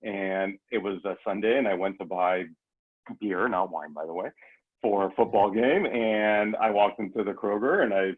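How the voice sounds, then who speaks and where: A man's voice: on the low side, moderate pace, husky. A man from California talking as a guest in a casual conversation, rambling with many restarts. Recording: tinny phone line.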